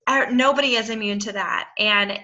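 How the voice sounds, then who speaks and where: Woman on a video call, bright and kinda high, frank and encouraging, muffled audio. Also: normal speed. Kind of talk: casual video call chat.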